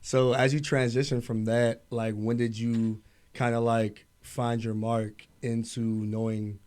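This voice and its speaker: A man's voice: mid-range voice, level tone, unhurried, darkish tone. A man hosting a podcast, asking loose, casual questions with fillers. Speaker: podcast host. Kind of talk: casual interview chat.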